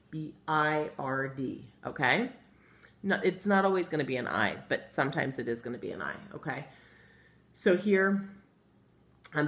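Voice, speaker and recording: A low, slightly bright female voice leads this recorded remote phonics lesson for first grade. The teacher is patient and encouraging. While writing words on a board, she spells them out one letter at a time.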